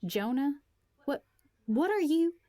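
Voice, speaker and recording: A woman's voice: medium pitch, fairly even intonation, moderate pace, dry recording, natural voice. A woman reading a story aloud, voicing a feisty young woman who speaks sharply and with disbelief. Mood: indignant. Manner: sharp and incredulous.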